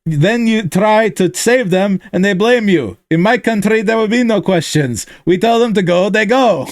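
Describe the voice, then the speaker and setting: A man voicing a gruff Russian male mercenary with a put-on Russian accent, speaking blunt, broken English. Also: high voice, expressive, normal speed, no room sound, voice pushed up. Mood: exasperated.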